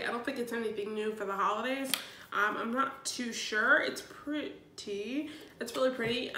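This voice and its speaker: A young beauty vlogger in her twenties, slightly congested from a cold, chats upbeat through a casual makeup tutorial with plenty of ums. Her voice is a little high and sharp-toned, recorded in an echoey room with a faint hiss or hum.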